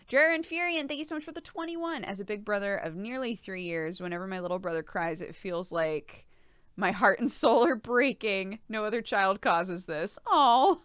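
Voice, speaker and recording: A woman's voice: mid-range voice, moderate pace, fairly bright tone, smooth, no room sound, studio quality. A young pregnant woman streaming, chatting casually with her viewers, laughing often and swearing freely. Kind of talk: casual chat with live chat.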